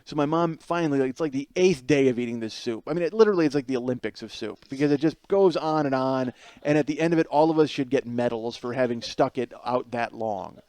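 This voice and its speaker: A man's voice: medium pitch, quick pace, no echo. Profane man telling a funny story. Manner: animated, swears freely, laughs through punchlines. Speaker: podcast host. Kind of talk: comedic storytelling monologue.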